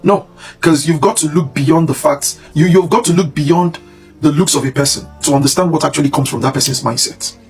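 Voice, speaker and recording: A man's voice: on the high side, brisk, darkish tone, breathy edge, soft background music. A man from Nigeria, delivering an emphatic, preachy opinion monologue that repeats its points. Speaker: commentary channel host.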